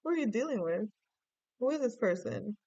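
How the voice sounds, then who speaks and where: A woman's voice: on the high side, animated, normal speed, creaky, warm tone, no room sound, dull audio. A woman giving a casual tarot reading, playful and musing aloud with chatty asides. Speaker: tarot reader.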